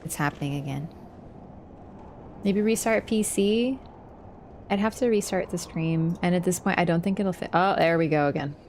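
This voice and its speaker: A woman's voice: lowish voice, normal speed, darkish tone, slight background noise. A woman streaming a video game, chatting casually to her viewers, apologetic and swearing now and then. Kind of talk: casual livestream chat.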